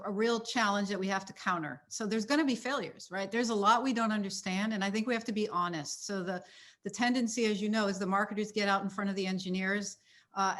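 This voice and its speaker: A woman speaking as a panel guest, earnest and emphatic. Her voice sits at an ordinary middle pitch, and she keeps checking in with her listeners as she makes her points. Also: fairly bright tone. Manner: earnest, emphatic, frequent "right?" tags. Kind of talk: panel discussion remarks.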